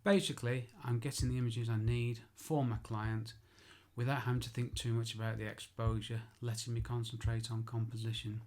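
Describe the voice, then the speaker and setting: A man's voice: mid-range voice, little pitch movement, fairly quick, darkish tone. A man who works as an architectural photographer, giving an informal spoken tutorial. He chats, makes self-deprecating asides and corrects himself aloud.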